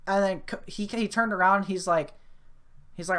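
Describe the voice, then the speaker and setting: A young woman with a medium-pitched voice, speaking at a normal speed, hosts a podcast and tells a casual story. She rambles, full of fillers and restarts, then turns animated and loud at the climax.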